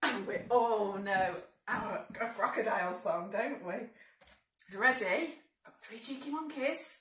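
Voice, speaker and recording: A woman's voice: medium pitch, measured pace, fairly bright tone, reverberant, far from the mic, slight background noise. A woman leading a baby and toddler group, singing nursery songs and talking cheerfully to small children. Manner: cheerful, sing-song, speaking to small children. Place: church room.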